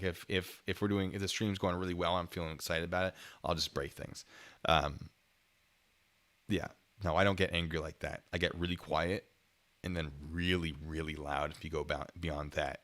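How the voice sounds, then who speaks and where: A man's voice: sits low, bright, forceful tone. A man hosting a casual livestream, chatting with viewers, laughing often and reading out donations. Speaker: streamer reacting to videos.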